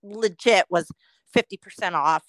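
A woman's voice: mid-range voice, unhurried, a bit bright, dry recording. A woman co-hosting a podcast in casual chat, ranting profanely and laughing often. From Oregon, US. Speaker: podcast co-host.

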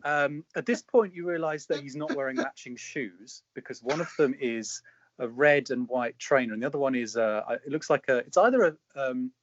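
A man's voice: medium pitch, normal speed, slight background noise. A man, a podcast co-host, telling a story in a rambling, hesitant, amused way. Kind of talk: casual storytelling chat. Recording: dry, slightly dull sound.

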